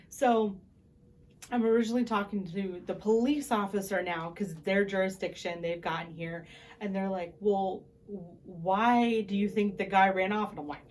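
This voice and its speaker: A young woman vlogging to camera, retelling a story in a casual, animated way and acting out the people she quotes. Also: medium pitch, normal speed.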